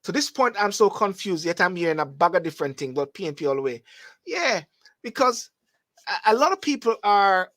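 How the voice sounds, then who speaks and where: A man's voice: sits high, fairly bright tone. A Jamaican man hosting a live-streamed call-in talk show, talking animatedly, repeating words as he reads out viewer comments. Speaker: host.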